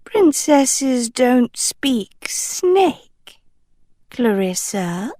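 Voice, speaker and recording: A woman voicing a haughty young princess who speaks in a prim, drawn-out way. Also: sits high, expressive, warm tone, no echo, voice pushed up, full character voice.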